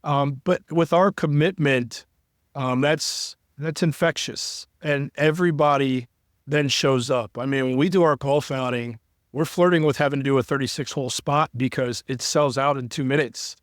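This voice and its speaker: A man's voice: mid-range voice, steady tone, moderate pace, dry recording. A man from Cincinnati, a guest in an interview, talking in an earnest, heartfelt and long-winded way, close to tears. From Cincinnati, United States. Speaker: interview guest, sports broadcaster. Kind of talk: candid conversational interview.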